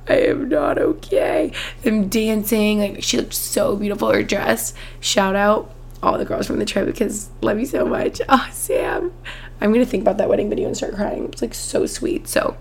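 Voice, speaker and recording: A woman in her twenties hosting a podcast, chatting casually in a bubbly, gushing way with lots of "like". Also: medium pitch. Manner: bubbly, gushing, heavy use of "like". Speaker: podcast host. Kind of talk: casual chat.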